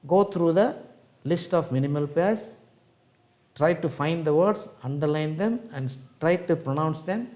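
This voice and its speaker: A male teacher, giving a pronunciation lesson and repeating each word slowly for his learners. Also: fairly high pitch, a little mellow. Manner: slow, repeats words for drill, addresses learners as "my dears". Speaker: English teacher.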